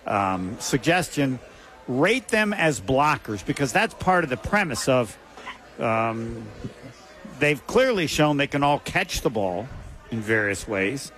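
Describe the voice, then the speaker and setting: A man's voice: mid-range voice, big pitch swings, takes it slowly, fairly bright tone. A man co-hosting a casual sports talk show, asking questions and making wry asides. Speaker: co-host.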